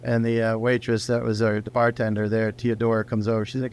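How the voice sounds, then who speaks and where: A man's voice: fairly low pitch, completely flat delivery, fairly quick, darkish tone, slight background noise. Middle-aged man telling a rambling story. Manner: rambling anecdotal storyteller, swears casually. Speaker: guest, company founder. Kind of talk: casual storytelling interview.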